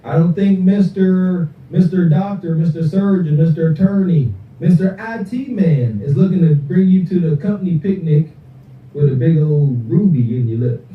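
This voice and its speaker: A man's voice: on the high side, lively intonation, normal speed. A man giving casual, mocking commentary as he roasts people. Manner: mocking, sarcastic. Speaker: commentary streamer. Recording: distant, roomy, dull-sounding audio.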